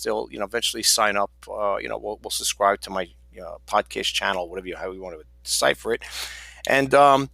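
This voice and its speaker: A man's voice: mid-range voice, vocal fry, pushed and bright, dry recording. A man hosting his own podcast, talking casually and rambling with lots of fillers and restarts. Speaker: podcast host. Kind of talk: casual solo podcast talk.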